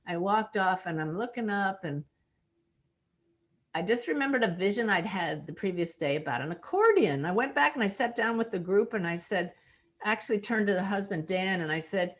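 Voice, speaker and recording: Woman medium, lively storyteller, mid-pitched. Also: moderate pace. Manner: animated, lively storyteller with big pitch jumps. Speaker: psychic medium. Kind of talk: storytelling talk.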